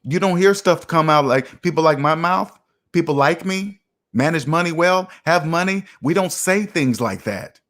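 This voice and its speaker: A man's voice: a little high, expressive, normal speed, a bit bright. A man hosting a finance livestream. He lectures emphatically, repeats lines for effect and answers chat comments in a preachy manner. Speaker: finance channel host.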